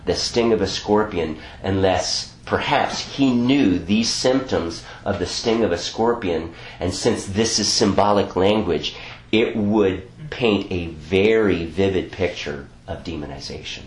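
A man's voice: sits low, unhurried, reverberant, slight background noise, rough recording. A man preaching a teaching sermon in a conversational way, with frequent asides and self-corrections.

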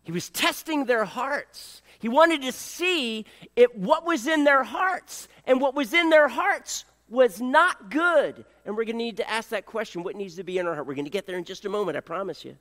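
A man preaching a sermon, animated and joking, acting out voices and coughing now and then. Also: very high-pitched, normal speed, hardly any pauses, big-room sound. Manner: animated, acts out voices, jokes with the congregation. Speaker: pastor.

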